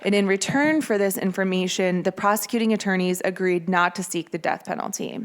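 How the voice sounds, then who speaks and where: A woman hosts her podcast and talks through a true-crime case in a loose, conversational way. Her voice sits at an ordinary middle pitch, and she drops in casual asides as she goes. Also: brisk. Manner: chatty, conversational with fillers. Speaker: podcast host.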